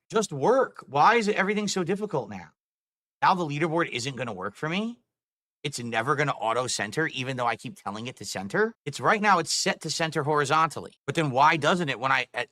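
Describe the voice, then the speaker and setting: A man's voice: fairly high pitch, big pitch swings, fairly quick, sharp tone. A middle-aged man streaming live, talking to chat and swearing in exasperation over his broken setup. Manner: exasperated, swearing, talking through tech trouble.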